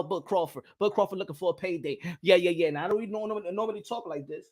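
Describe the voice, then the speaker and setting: A man hosting a casual boxing live stream, talking animatedly, repeating himself and shouting out chat viewers. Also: high voice, fast, few pauses. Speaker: boxing channel host.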